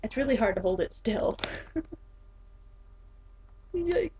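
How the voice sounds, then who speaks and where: A woman's voice: on the high side, sing-song, slow pace, warm tone, a little hiss or hum. Young woman, chatty vlog, giggly, filler words, dull lo-fi camera audio. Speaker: vlogger, English teacher. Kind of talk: casual vlog talk.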